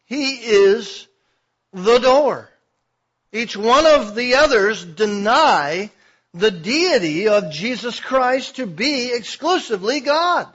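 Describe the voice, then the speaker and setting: A man preaching a sermon, swinging between loud declarations and quiet asides. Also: very high-pitched, animated, takes it slowly, husky, muffled recording. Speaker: pastor.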